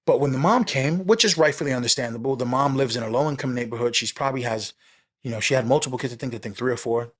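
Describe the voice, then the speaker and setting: Casting: streetwise New York man, animated storyteller, casual swearing, mid-range voice. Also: medium pitch, quick pace. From New York City. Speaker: police officer guest.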